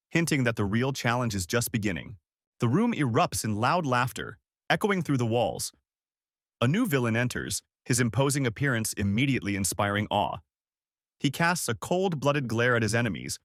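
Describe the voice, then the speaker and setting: A man reading scripted narration as he recaps a comic story, in a steady storytelling manner. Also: medium pitch, no echo, studio quality.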